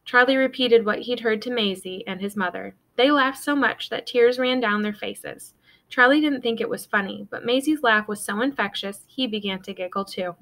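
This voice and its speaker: A woman teacher reading a children's novel aloud to her students in a steady storytelling voice. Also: a little high, normal speed.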